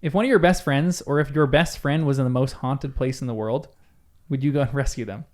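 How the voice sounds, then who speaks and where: Young guy on a podcast, chatty and animated, does the voices when he tells a story, middle pitch. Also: a little fast. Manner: animated, acts out quoted voices while telling a story. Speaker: podcast co-host. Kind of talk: casual storytelling in group chat.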